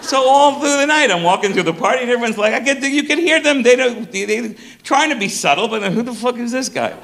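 A middle-aged male stand-up comedian telling a story on stage, animated and profane. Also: very high voice, brisk, gravelly.

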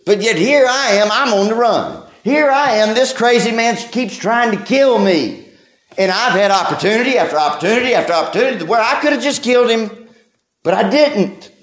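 A high-pitched man preaches a sermon to his congregation. He talks with passion and often acts out pleading, anguished cries. His voice rings in an echoey church room. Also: animated, moderate pace, a bit bright. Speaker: pastor.

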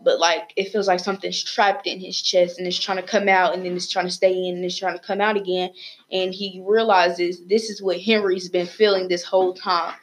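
A woman's voice: fairly low pitch, little pitch movement, normal speed, a little hiss or hum. A woman casually retelling a story as a student podcast host, rambling with lots of fillers and restarts.

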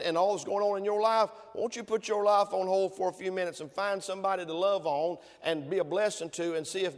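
A high-pitched man preaches from the pulpit of a church. He is emphatic and climbs to fervent peaks. His voice rings out with a long reverb from the sanctuary. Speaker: pastor. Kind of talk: sermon.

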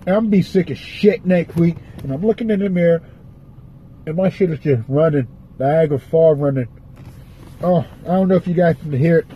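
A man's voice: fairly high pitch, a little fast, highs cut off, a little hiss or hum. Profane stuffy-nosed rambling man. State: stuffy nose. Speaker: podcast host. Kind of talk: casual rambling monologue. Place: parked car.

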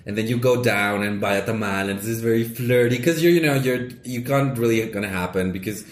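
A man's voice: medium pitch, fairly quick. A young man, co-hosting a podcast in casual chat, rambling with fillers and restarts. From Mexico. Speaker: podcast co-host. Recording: roomy echo.

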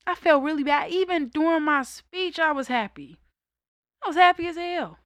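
A young woman candidly telling a personal story in a casual monologue, raw and conversational, breaking into loud laughter. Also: sits high, moderate pace, no room sound. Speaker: vlogger.

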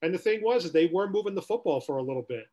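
A man's voice: high voice, expressive, very fast, warm tone. A man co-hosting a sports podcast, ranting with rhetorical questions in casual talk.

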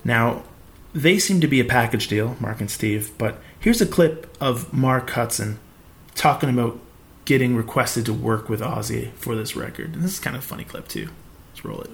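A man's voice: medium pitch, normal speed, gravelly. Casual, profane male podcast host. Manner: casual, profane, enthusiastic fan talk.

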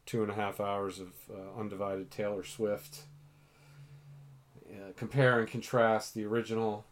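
A man's voice: on the low side, level tone, moderate pace. A middle-aged man hosting a casual chat with his daughter, self-mocking and full of fillers. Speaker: podcast host.

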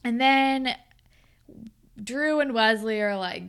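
A woman's voice: fairly high pitch, a bit bright, smooth. A woman co-hosting a podcast, casually recapping a TV episode and acting out the characters' lines. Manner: acts out characters' lines in quick voices. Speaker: podcast co-host.

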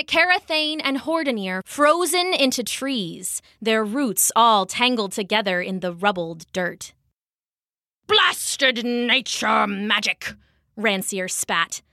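A woman narrating a children's fantasy story in an expressive, measured way. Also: on the high side, no echo, clean studio sound.

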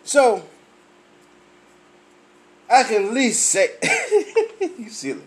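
A man, tipsy from drinking, telling loud, profane comic stories and laughing at his own punchlines. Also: extremely high pitch, wildly swooping pitch. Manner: loud, laughing, heavy cursing, drawn-out punchlines. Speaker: comedian vlogger. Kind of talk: profane comic storytelling rant.

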